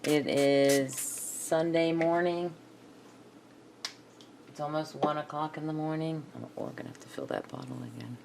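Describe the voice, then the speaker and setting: A woman's voice: deep voice, steady tone, normal speed, vocal fry, darkish tone, a little hiss or hum. A woman chatting casually to herself while she crafts, muttering and laughing often. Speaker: craft video maker.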